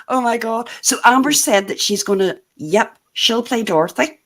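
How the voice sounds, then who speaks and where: A woman's voice: high-pitched, pushed and bright. A chatty Northern Irish woman hosts a casual catch-up with friends. Her voice rises and falls a lot as she talks, and she laughs often. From Northern Ireland. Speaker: show host. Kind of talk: casual group chat.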